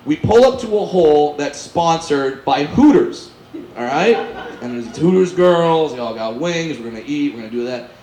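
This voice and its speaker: A man telling a stand-up story, animated and acting out characters with loud, high shouts. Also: normal speed. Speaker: stand-up comedian. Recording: echoey live venue with background noise.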